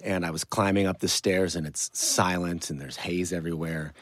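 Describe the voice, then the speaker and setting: A man's voice: deep voice, moderate pace, no room sound. A man who acts on stage, a guest in an interview, telling backstage stories with enthusiasm. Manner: animated storyteller, enthusiastic. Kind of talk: interview conversation.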